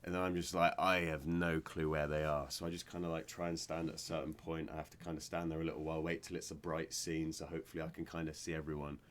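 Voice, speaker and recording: A man's voice: very deep voice, rapid-fire, few pauses. A man co-hosting a casual podcast, telling a story and acting out the people in it. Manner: animated storyteller acting out scenes with voices. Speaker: podcast co-host, cinema worker. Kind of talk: casual chat.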